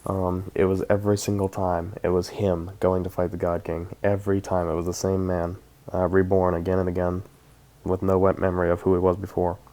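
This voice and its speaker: A man gives a casual, hesitant retelling of a book, filling gaps with many pauses and fillers. His voice is low and sits in a narrow, flat range. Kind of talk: casual book synopsis narration.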